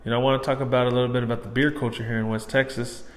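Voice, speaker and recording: A man as guest in a casual chat, easygoing and halting, saying bro and man. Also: medium pitch, little pitch movement, big-room sound. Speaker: podcast guest.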